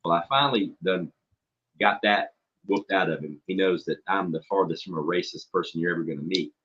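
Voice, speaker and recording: Blunt low-voiced man, lo-fi. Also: a little fast, a bit bright. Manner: blunt, profane storyteller acting out dialogue. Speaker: substitute teacher. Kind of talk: casual chat on a stream. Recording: dull lo-fi stream audio.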